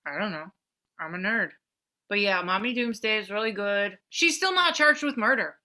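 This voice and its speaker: Bright-voiced woman, animated chatter. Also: moderate pace. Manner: animated, swearing, jumps between pitch levels. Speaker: podcast co-host. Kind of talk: casual chat.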